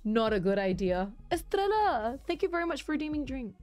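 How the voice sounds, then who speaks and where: Woman streamer, higher voice, casual and giggly, chatting with viewers. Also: expressive, fast talker, a little mellow. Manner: chatty, laughs often, reads chat aloud. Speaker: livestreamer.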